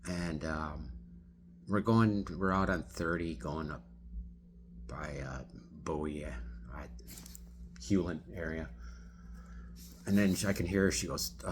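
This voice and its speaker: A man who drives for a ride app telling a story in a rambling, casual way, often clearing his throat. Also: low-pitched, slow pace, long pauses, slight background noise. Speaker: rideshare driver.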